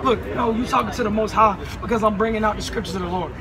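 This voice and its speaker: A man preaching and arguing on a city street at night, shouting scripture loudly and calling listeners man and brother. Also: high voice, quick pace. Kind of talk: heated street preaching and argument. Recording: noisy street recording with crowd.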